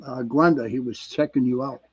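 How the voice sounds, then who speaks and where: A man's voice: medium pitch, fairly even intonation, brisk, darkish tone, breathy edge, muffled recording. A man hosting a talk show, reacting casually and reading out listener comments. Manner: easygoing, short reactions. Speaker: radio show host.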